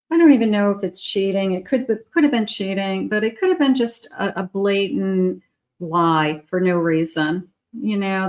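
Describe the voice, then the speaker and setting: A woman's voice: mid-range voice, a little mellow. A middle-aged woman reading love tarot cards in a loose, conversational manner. She sometimes slips into short imagined quotes as she explains what the cards show. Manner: conversational, voices imagined lines for the person. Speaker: tarot reader.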